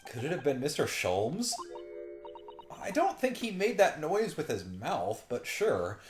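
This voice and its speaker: Animated woman reading a game aloud. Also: sits low, a little slow. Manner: reads characters' lines aloud with playful put-on voices. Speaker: let's-play co-host. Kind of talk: casual game playthrough reading dialogue aloud. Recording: roomy home recording with faint game music.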